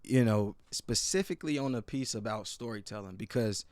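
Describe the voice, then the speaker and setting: A man's voice: fairly low pitch, a little fast, a little mellow, dry recording. A man hosting a podcast, talking as a restorative practitioner in an earnest, emphatic way and peppering his speech with slang. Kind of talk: casual podcast chat.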